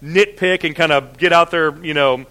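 His fairly high voice is sharp, clear and resonant, delivered at normal speed. He preaches conversationally, using frequent fillers and acting out objectors in mock voices.

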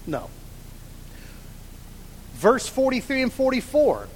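A man with a drawl and a high voice leads a Bible study class. He poses questions, waits, then answers them himself. The sound rings with long hall reverb over a faint low rumble. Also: wildly swooping pitch, slow pace. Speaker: Bible teacher.

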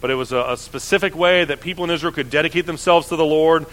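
A man preaching, reading scripture aloud and then explaining it in a casual, halting way with frequent fillers. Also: fairly high pitch, a bit bright, rough recording. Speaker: pastor.

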